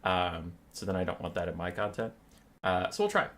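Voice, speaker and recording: A man's voice: low-pitched, fairly quick, fairly bright tone. A man streaming a strategy game live, chatting casually and playfully and slipping into baby talk with his pets.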